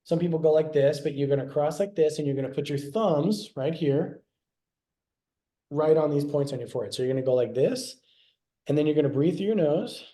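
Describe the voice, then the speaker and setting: In casual teaching talk, a middle-aged health class presenter chats his way through the lesson, repeating points and performing small quoted lines. He sounds a little high and a little fast, with warmth in his tone.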